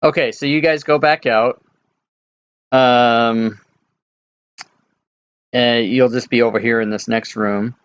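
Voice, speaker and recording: A man running a tabletop game as dungeon master, explaining slowly with frequent hesitations. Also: mid-range voice, fairly even intonation, clear, resonant tone, muffled recording. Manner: unhurried, hesitant with many ums.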